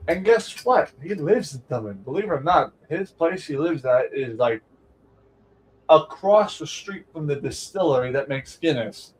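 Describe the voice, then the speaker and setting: A man's voice: a little high, expressive, normal speed, low-quality recording. A man hosting a casual late-night podcast from home, telling rambling stories, laughing and cursing freely. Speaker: livestream host.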